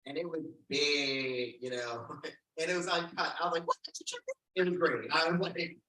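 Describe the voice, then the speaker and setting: A man in his forties from the United States, a stand-up comedian telling a profane, animated story at a live storytelling show. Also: on the high side, moderate pace. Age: 40s. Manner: animated, profane, breaks into laughter. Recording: echoey room, mic at a distance.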